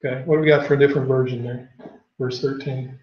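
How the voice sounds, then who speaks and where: A man's voice: medium pitch, flat delivery, fast talker, highs cut off. Man teaching a Bible class, echoey room. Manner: reads scripture aloud, then questions the class.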